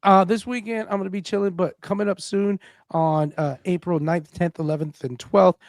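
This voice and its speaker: A man who does stand-up, talking on a comedy radio show in a high voice. He tells his stories with animation and acts the scenes out as he goes. He is recorded close and dry in a studio. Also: normal speed, dry recording. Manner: animated storyteller, acting out scenes.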